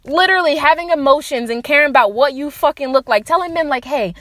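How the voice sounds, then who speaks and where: Young woman podcaster, furious and sarcastic, swears constantly, higher voice, dead-dry sound. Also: fast, a bit bright, no room sound. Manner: angry, profane, sarcastic. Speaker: podcast host. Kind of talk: impassioned solo rant.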